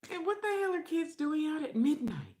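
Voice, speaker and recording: A woman's voice: high-pitched, sing-song, moderate pace, darkish tone. An older woman chatting frankly into her vlog while she eats, laughing often. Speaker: vlogger. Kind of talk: casual chat while eating.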